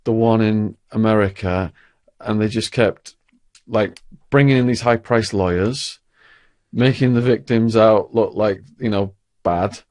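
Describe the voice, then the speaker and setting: A man's voice: on the low side, unhurried, a little mellow, no room sound. A man asking questions in a casual interview, sometimes speeding up as he goes.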